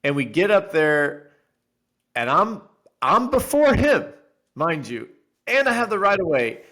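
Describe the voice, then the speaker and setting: A man in his thirties, a podcast co-host, telling a story in casual chat with lively acted-out quotes. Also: fairly high pitch, unhurried. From Florida resident. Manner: animated storyteller, acts out quotes loudly.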